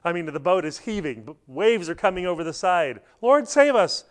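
Animated preaching man, slightly high voice. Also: a little fast. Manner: animated storytelling, acting out quotes with sudden loud high bursts. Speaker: pastor. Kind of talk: sermon. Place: church.

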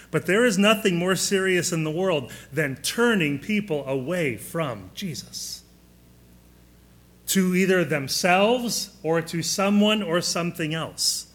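Preaching pastor, man, slightly high voice. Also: expressive, a bit bright. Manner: asks the congregation questions, slows for emphasis. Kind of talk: sermon.

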